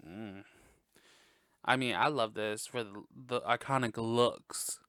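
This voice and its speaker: A man hosting a podcast and reviewing a movie in casual chat, blunt, profane and gossipy, with sudden high exclamations. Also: slow pace, pushed and bright, no echo, studio quality. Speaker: podcast host.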